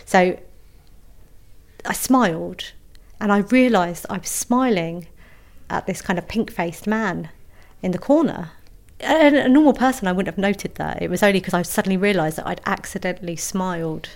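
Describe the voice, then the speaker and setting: A woman's voice: mid-range voice, normal speed. A woman, an author telling a story in a casual interview, chatty and self-deprecating with many restarts. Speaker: author guest.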